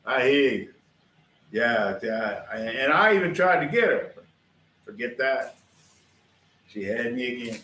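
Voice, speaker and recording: Male host, mid-pitched, rambling folksy storyteller, recorded in a reverberant workshop. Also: animated, takes it slowly, long pauses, pushed and bright. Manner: folksy, chatty, addresses viewers directly. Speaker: host of a livestream shop show. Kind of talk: casual rambling storytelling to chat.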